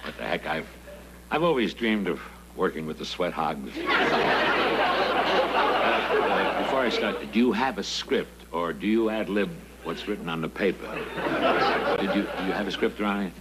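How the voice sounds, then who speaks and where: An actor playing a brash veteran comedian who bosses everyone around, wisecracking with drawn-out pauses, on a noisy sitcom track with audience laughter. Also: male voice, low voice, expressive, over a noisy crowd. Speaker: comedian in a sitcom guest spot. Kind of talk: sitcom acting before a studio audience.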